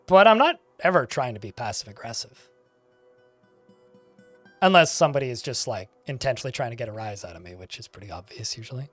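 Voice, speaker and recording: A man's voice: mid-range voice, animated, a little fast, fairly bright tone, no room sound, faint music behind. A young man streaming a game and chatting casually with his viewers, with a dry, sarcastic-sounding way of talking. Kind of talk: casual livestream chat while gaming.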